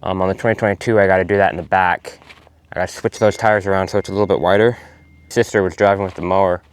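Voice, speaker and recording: A man's voice: sits low, steady tone, fast talker, clean tone. A man explaining farm vehicle maintenance in a plain, matter-of-fact way. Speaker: farm vlogger. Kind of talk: casual vlog narration. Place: outdoors by the vehicles.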